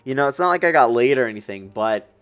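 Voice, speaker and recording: Fast and animated, this young man of eighteen has a medium-pitched, smooth, somewhat bright voice, with soft music playing behind him. He's gaming as he tells a long personal story, rambling with fillers and restarts, emotional to the point of tears, laughing nervously.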